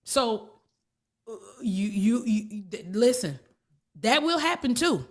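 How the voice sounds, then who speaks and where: A woman's voice: a little high, expressive, takes it slowly. A woman spiritual teacher, talking casually in a blunt, folksy way and repeating herself for emphasis. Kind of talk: casual talk.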